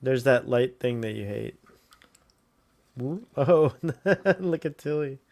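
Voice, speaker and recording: A man's voice: mid-range voice, animated, slow pace, a little mellow. Easygoing man reacting on a watch-along. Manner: easygoing, short reactions, laughs readily. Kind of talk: casual commentary chat.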